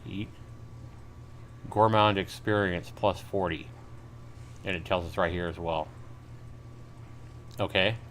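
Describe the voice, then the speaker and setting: Low-voiced man streaming a game. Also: steady tone, slow, pauses often, fairly bright tone, slight background noise. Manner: reads game text aloud, casual exclamations. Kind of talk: live gameplay commentary.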